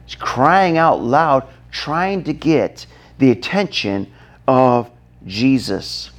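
A man preaching a sermon, telling a Bible story dramatically, dropping to a hush and then acting out shouts. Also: mid-range voice, animated, takes it slowly. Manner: dramatic, acts out the scene, shifts from hushed to shouting. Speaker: pastor.

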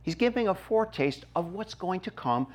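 A man's voice: sits high, expressive, moderate pace. A middle-aged man preaching a sermon as a pastor, reading scripture and explaining it emphatically, his voice rising and dropping sharply. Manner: emphatic preaching with wide swings in loudness.

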